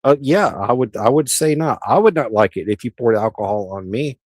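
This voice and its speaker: Hosting a relaxed livestream, this middle-aged man rambles good-naturedly through comments from viewers, frequently starting over. He speaks in an expressive, mid-range, somewhat dark voice, a little fast, on a dry recording.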